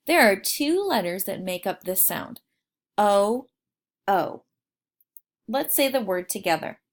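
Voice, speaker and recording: A woman teaching a phonics lesson to young children, slowly sounding out words and asking them to repeat. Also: medium pitch, big pitch swings. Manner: slow, exaggerated sounding out of words.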